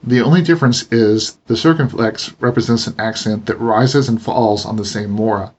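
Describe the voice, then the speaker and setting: A man teaching a language lesson, explaining pronunciation slowly and deliberately. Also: medium pitch, dull audio. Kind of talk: instructional narration.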